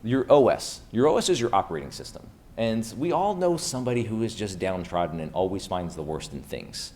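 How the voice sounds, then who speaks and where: A man's voice: lowish voice, big pitch swings, fairly quick, a little mellow. A man from Pennsylvania giving a casual, upbeat conference keynote to a live audience in a room, throwing rhetorical questions at the crowd. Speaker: keynote speaker.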